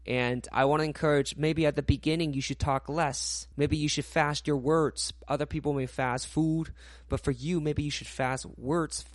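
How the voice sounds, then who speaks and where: A man preaching a sermon in English with non-native phrasing, often acting out the people he quotes in lively voices. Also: a little high, moderate pace, no echo. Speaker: pastor.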